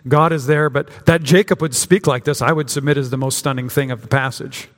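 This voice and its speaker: Pastor preaching in a reverberant hall. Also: male voice, mid-range voice, steady tone, a little fast. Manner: conversational preaching with frequent restarts and acted-out quotes. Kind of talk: sermon.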